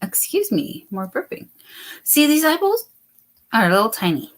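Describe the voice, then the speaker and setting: A woman's voice: fairly high pitch, very animated, normal speed. A woman hosting a casual late-night crochet livestream, chatting and reading viewer comments aloud.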